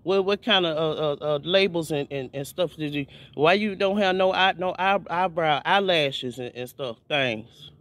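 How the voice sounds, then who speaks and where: A man with a notably high voice delivers an informal video sermon. He preaches fervently, circling back on his words and repeating phrases for emphasis. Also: moderate pace, few pauses, fairly bright tone, no room sound. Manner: fervent, repetitive, many restarts.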